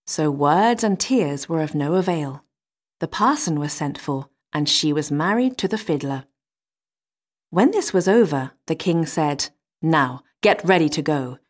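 A woman reading a fairy tale aloud in a measured, expressive manner. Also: low-pitched. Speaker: storyteller.

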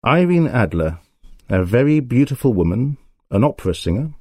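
A man doing a calm, shrewd detective. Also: mid-range voice, dry recording, studio quality, voice pushed up. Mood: measured. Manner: calm, measured, courteous.

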